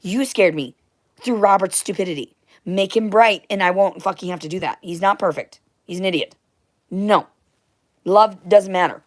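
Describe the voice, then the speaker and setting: A young woman in a rambling, emotional monologue, blunt and profane, jumping between loud outbursts and hushed whispers. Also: mid-range voice, normal speed, dry recording, studio quality. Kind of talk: rambling monologue to unseen listeners.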